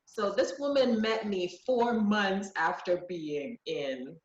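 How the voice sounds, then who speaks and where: A woman's voice: mid-range voice, slow. A woman from Jamaica, reflectively telling a personal story as a podcast guest, with frequent ums and restarts. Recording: echoey room, dull lo-fi sound.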